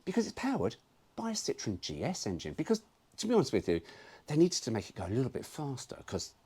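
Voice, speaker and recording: Husky man with a lively voice. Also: medium pitch, quick pace. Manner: cheeky, sweary, jokey. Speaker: car vlogger. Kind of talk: casual chatty commentary.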